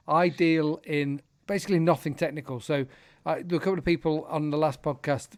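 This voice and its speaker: A man hosting a podcast in casual chat, teasing his co-host and dryly apologising for technical trouble. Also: fairly high pitch.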